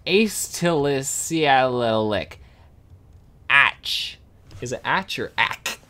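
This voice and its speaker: A man casually reading dictionary words aloud, slowly sounding out hard ones, stumbling, correcting himself and adding dry amused asides. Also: mid-range voice, lively intonation, pushed and bright.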